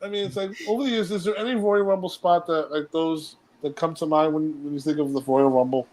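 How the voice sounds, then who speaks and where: A man with a fairly high voice chats casually as a podcast co-host. He rambles through wrestling stories with plenty of restarts and laughs between them. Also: brisk, a little mellow, low-quality recording. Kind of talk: casual chat.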